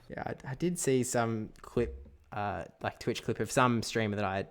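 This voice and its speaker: A man's voice: medium pitch, a little slow. A young Australian man streaming a game, chatting casually and telling anecdotes with frequent laughs. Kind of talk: casual chat while gaming.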